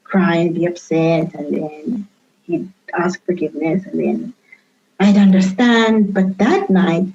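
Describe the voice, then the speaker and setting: A woman speaks candidly about her own past, reflective and unhurried, circling back with fillers and restarts. Her voice sits low and mellow. The recording sounds dull and lo-fi. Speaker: guest sharing her story. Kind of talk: candid personal storytelling.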